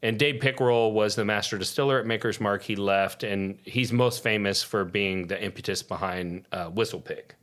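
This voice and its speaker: A man who is a podcast guest, telling a long anecdote in casual, lively style and cursing freely. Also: fairly low pitch, moderate pace, hardly any pauses. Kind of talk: casual storytelling.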